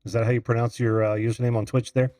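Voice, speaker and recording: A man's voice: mid-range voice, little pitch movement, quick pace, mellow, dry recording, studio quality. A man from Indiana hosting a live video call-in show, chatting casually, laughing often and greeting viewers by name. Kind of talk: casual live-stream chat.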